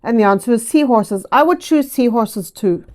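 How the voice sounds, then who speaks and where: A woman with a somewhat high voice hosts a reaction video about what kids write. She reads their notes aloud and follows them with wry, deadpan asides and amused commentary. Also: normal speed. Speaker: host of a writing channel.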